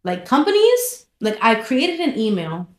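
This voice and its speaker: Young woman, higher voice, vlog testimony, lively, repeats herself for emphasis; roomy echo. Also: unhurried. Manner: animated storytelling, repeats phrases for emphasis. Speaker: vlogger sharing her testimony. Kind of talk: casual personal testimony. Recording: echoey room.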